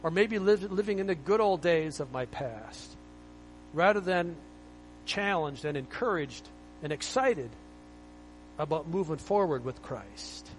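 A male pastor delivers a sermon in a somewhat high voice, pressing his points with emphasis and rhetorical questions. Soft music plays faintly underneath. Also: lively intonation, a little slow, low-quality recording.

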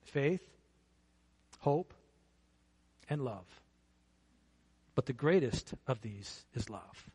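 A man's voice: medium pitch, lively intonation, drawn-out words, pauses often, darkish tone, slightly rough. A middle-aged man preaching a sermon in a church, earnest and building to fervent emphasis. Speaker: pastor.

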